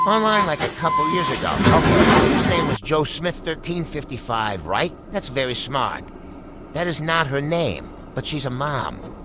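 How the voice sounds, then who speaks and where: Male stand-up comic, crude profane storytelling, lively up-and-down voice, loud music underneath. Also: a little high, normal speed. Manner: crude, profane, story told with act-outs. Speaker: stand-up comedian.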